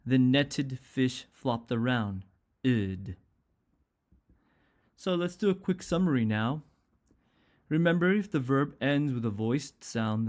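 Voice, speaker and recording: A man's voice: medium pitch, darkish tone. A man teaching an English pronunciation lesson, speaking carefully and repeating sounds and example words one at a time.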